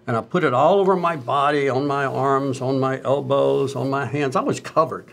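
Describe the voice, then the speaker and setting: A middle-aged male physician in a conversational health talk, telling stories and turning animated when he quotes others. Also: mid-range voice, normal speed, gravelly. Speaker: physician host.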